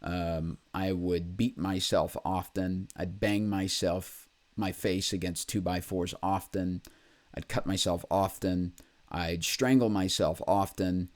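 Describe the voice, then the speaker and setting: Low-voiced man, halting confessional monologue. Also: fairly even intonation. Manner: halting, with many pauses and fillers; candid and blunt, with swearing. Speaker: vlog host.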